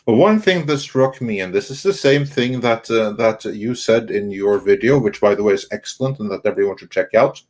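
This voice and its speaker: A man's voice: lowish voice, lively intonation, brisk, few pauses, a little mellow. A man from Norway, hosting a casual film roundtable and talking with frequent fillers and restarts. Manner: hesitant, many fillers and restarts. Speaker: host.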